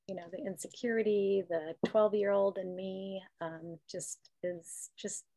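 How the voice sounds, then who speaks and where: Woman author, low voice, hesitant casual talk, dry sound, video call. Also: darkish tone, dry recording. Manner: hesitant, many "you know" fillers and restarts. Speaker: author and guest. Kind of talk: casual conversation at an online book event.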